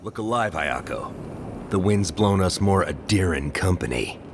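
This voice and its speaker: An actor playing a gruff male trapper in a game, blunt and scornful. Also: low voice, animated, a little slow, a little hiss or hum. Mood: hostile. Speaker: game character. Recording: game audio over music.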